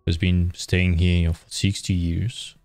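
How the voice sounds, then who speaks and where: Give me a man playing a grave old wizard, low and measured, with faint music behind. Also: little pitch movement, darkish tone, no room sound, studio quality. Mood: solemn. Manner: slow, low, deliberate delivery.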